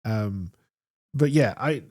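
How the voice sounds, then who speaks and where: A man's voice: fairly low pitch, takes it slowly. A man co-hosting a podcast, chatting casually and enthusiastically about a TV episode. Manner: enthusiastic, animated storytelling. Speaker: podcast co-host. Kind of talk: casual chat.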